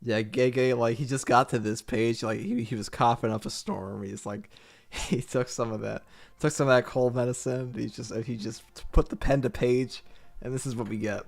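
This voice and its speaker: A man's voice: medium pitch, steady tone, normal speed, vocal fry. A young man streaming his reactions, swearing often, laughing in disbelief and stumbling through slangy restarts.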